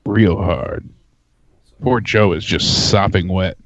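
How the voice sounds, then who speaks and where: A man's voice: sits low, takes it slowly, lo-fi sound, background noise. A man co-hosting a live stream, hyped and laughing, cheering on the chat. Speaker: podcast co-host.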